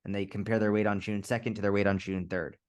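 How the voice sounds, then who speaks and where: Appearing as a podcast guest, a fitness coach talks casually and candidly, swearing now and then, restarting sentences quickly and acting out little scenarios. His voice is lowish, level and clean in tone.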